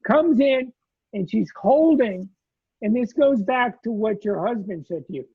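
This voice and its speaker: A man recounting a personal memory as a survivor, lively and acting out the lines he quotes. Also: extremely high pitch, unhurried, slightly rough, no echo. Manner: animated storyteller, acts out quoted lines. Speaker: survivor telling his story. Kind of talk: personal storytelling in a conversation. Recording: tinny phone-like line.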